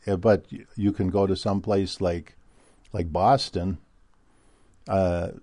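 Low, mellow Midwestern American man. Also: steady tone, slow pace, dry recording. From Minnesota, US Midwest. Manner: rambling, many fillers and restarts. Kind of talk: casual monologue.

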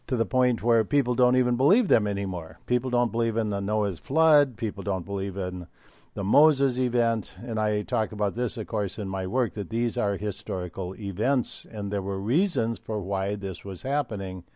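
An older man delivers a solo talk in a low, mellow voice. He rambles from point to point and often pauses with hesitant fillers. The sound is dry and close. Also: dry recording.

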